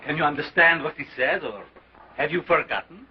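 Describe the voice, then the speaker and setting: An actor playing a sinister, pompous mad scientist who lectures a carnival crowd in theatrical 1930s film style. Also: male voice, fairly high pitch, expressive, fairly quick, noisy background, natural voice. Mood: solemn. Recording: dull 1930s film soundtrack.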